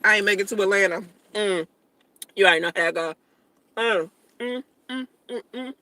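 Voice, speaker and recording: A woman's voice: mid-range voice, moderate pace, sharp tone. A woman in her late thirties hosting a casual livestream, eating and talking with her mouth full, blunt and profane. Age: 30s. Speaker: livestream host.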